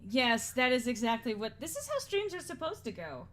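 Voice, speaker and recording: A woman hosting an art stream, her pitch a touch high and swinging all over as she banters. She laughs a lot and swears casually, with a faint hum of noise behind her voice. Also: sing-song, moderate pace, fairly bright tone. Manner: laughs often, swears, playful.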